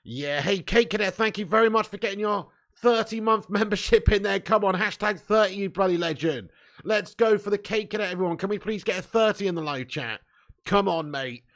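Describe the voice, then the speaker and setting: A man from England hosting a live football watch-along, chatting with viewers, joking, swearing and laughing, with sudden loud outbursts. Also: a little high. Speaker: football fan channel host.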